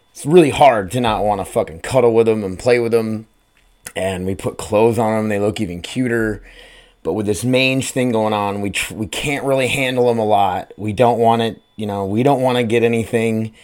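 Man, casual solo podcast, rambling and cussing, middle pitch. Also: darkish tone. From Grand Forks, North Dakota. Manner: rambling, profane, self-deprecating. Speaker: podcast host.

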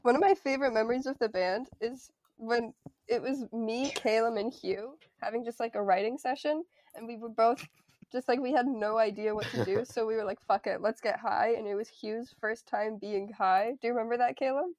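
A woman's voice: a little high, a little fast, a little mellow, no echo. A young woman from Toronto, a band member, telling stories in casual chat and laughing often. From Toronto, Canada.

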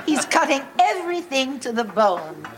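Brief: a man doing a smug older rich lady in a lively falsetto. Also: normal speed, exaggerated voice. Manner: high falsetto put-on voice. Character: older wealthy woman, smug.

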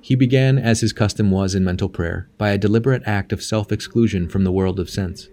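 A man narrating an audiobook in a measured, steady way. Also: lowish voice. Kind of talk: audiobook reading.

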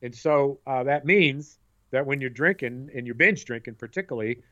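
A middle-aged man with a bright, forceful voice tells rambling stories in casual conversation. He often restarts and repeats words. The recording sounds slightly dull and lo-fi. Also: medium pitch, normal speed. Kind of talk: casual chat.

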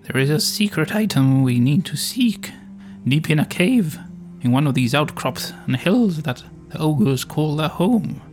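A man's voice: fairly high pitch, expressive, measured pace, hardly any pauses, soft background music. A man playing his character at a tabletop game, talking in a theatrical, pompous way. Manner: theatrical, pompous adventurer bluster. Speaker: player voicing his character Shrew. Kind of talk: in-character tabletop role-play.

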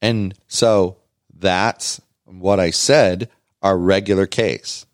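A man co-hosting a podcast in casual chat, telling stories with emphatic, animated rises. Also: deep voice, slow, no echo, studio quality. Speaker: podcast co-host.

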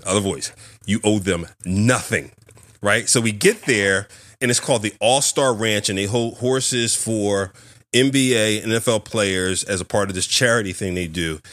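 A man hosting a podcast interview, telling a story in a lively, animated way and acting out the voices in it. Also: lowish voice, normal speed, no room sound. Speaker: podcast host. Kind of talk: casual interview chat.

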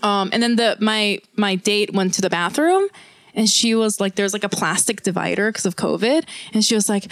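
A woman podcast co-host telling a story in casual chat, animated and full of fillers. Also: medium pitch, moderate pace, dry recording. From Korean family. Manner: animated storytelling with lots of "like" and laughter.

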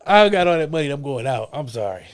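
Man, podcast host, high voice, very lively pitch, casual joking banter, profane. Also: fast. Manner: animated, joking, profane, laughs often. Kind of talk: casual banter among friends.

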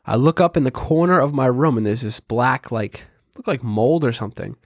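A young man with a middle-range voice tells a story in lively, animated fashion. He keeps checking in with his listeners along the way. The sound is dry and close, with no room echo. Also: medium pitch, normal speed. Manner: animated storyteller, says "right?" and "dude" often. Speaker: podcast co-host. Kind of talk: casual chat, storytelling.

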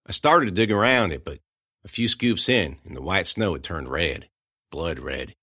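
Low-voiced man narrating an audiobook. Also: animated, moderate pace, dry recording, studio quality. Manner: folksy, conversational, hushed at grim moments. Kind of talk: first-person audiobook narration.

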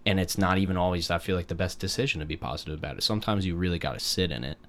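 A man's voice: deep voice, very fast, fairly bright tone. A man in casual conversation, reflective and rambling, full of restarts and fillers.

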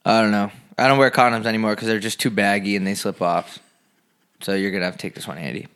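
A man's voice: fairly low pitch, fairly even intonation, fast, a bit bright, clear, resonant tone. A young man co-hosting a podcast in crude, jokey banter, swearing freely and riffing on listener questions. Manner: brash, swears a lot, jokey. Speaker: podcast co-host.

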